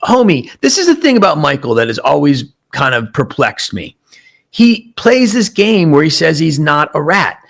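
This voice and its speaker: Gravelly, mocking commentary man. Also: on the high side, normal speed. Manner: animated, mocking, quoting others in put-on voices. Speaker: crime commentary host. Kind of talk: casual commentary.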